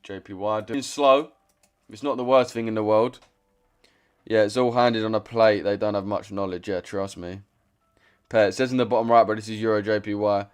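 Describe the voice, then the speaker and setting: A man's voice: fairly low pitch, steady tone, normal speed, clear, resonant tone. Blunt young London man on stream. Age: 20s. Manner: blunt, slangy, swears freely, reads chat aloud. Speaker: trading streamer. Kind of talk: casual livestream chat.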